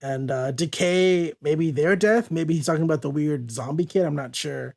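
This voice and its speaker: A man's voice: fairly high pitch, moderate pace, gravelly, a little mellow. A young man hosting a casual comic podcast, rambling and correcting himself as he talks. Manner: rambling, chatty, self-correcting. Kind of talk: casual chat.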